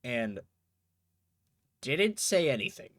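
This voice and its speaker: Man as game master, unhurried, casual and swearing, with a lively pitch. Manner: casual, laughing, swears freely. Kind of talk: narrating a tabletop game.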